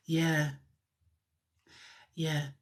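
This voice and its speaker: A woman giving a live-stream tarot reading in a soft, musing way that drifts into whispers, with frequent light laughs. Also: low voice, heavy background noise. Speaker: tarot reader.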